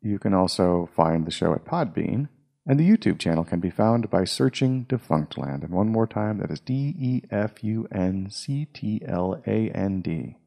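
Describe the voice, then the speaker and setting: A man's voice: lowish voice, expressive, moderate pace, vocal fry, dark tone. A male podcast host reading show plugs and descriptions in a dry, scripted way.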